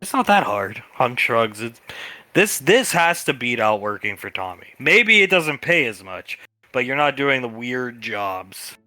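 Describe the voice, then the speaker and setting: Young man, bright playful voice. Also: medium pitch, sing-song, no echo, faint music behind. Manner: playful, quick asides and laughing. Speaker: tabletop role-play player. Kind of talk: casual role-play chat and in-character talk.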